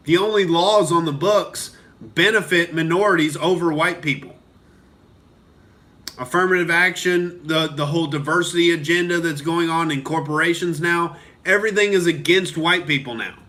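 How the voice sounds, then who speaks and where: A man's voice: fairly high pitch, moderate pace, pushed and bright. A young male comedian from Oklahoma ranting on a live stream, heated and profane, reading out and answering viewer comments.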